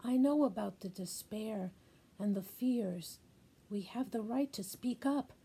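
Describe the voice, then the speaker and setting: A woman's voice: mid-range voice, mellow, slightly rough, low-quality recording. An older woman speaking as a grandmother in an emotional spoken-word monologue, repeating lines and dropping at times to a whisper. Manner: slow, emotional, repetitive, drops to whispers. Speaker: grandmother sharing a message.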